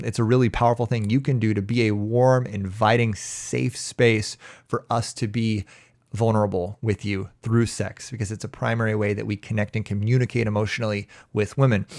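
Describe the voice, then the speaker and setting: Male coach, mid-pitched and dry-sounding, hosting a loose live Q&A and doubling back on his phrases. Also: a little mellow, no room sound. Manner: casual, repetitive restarts, laughs easily. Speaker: relationship coach. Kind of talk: live-stream Q&A.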